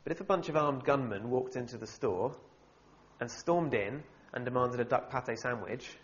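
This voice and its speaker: A young man preaching a sermon, humorous and animated, with wry asides. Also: medium pitch, normal speed. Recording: slightly dull, muffled sound.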